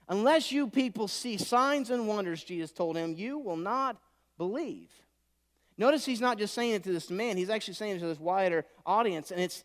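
A man in his thirties delivers a sermon in a fairly high voice. He preaches with swings from loud, pleading bursts to soft, intimate asides. The hall carries a long, lingering reverb. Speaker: pastor.

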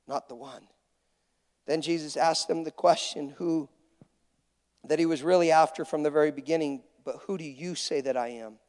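A male pastor preaching a sermon, emphatic and repetitive, in a church. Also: very high voice. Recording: long hall reverb.

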